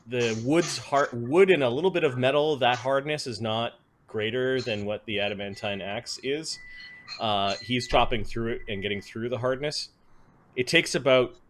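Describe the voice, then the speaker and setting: A man narrating as game master of a tabletop game, relaxed and chuckling, with many fillers. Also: medium pitch, a little hiss or hum.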